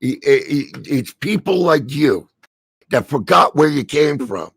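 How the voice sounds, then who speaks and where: New Jersey man, middle-aged, gravelly husky voice, slow profane rant, stammers and yells. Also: fairly high pitch, lively intonation, no room sound. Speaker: stream co-host. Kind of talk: angry ranting commentary.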